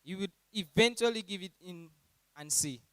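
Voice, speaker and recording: Saint Lucian young man, late teens, lively graduation speaker, smooth clear tone. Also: moderate pace, dry recording, low-quality recording. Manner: animated, mimics teachers in high voices. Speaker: graduating student giving a speech. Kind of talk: humorous graduation speech.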